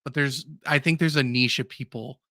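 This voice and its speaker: Bright-voiced earnest podcast man. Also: mid-range voice, fairly even intonation, moderate pace, no room sound, clean studio sound. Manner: earnest, openly emotional, hesitant with "um"s. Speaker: podcast co-host. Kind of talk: casual chat.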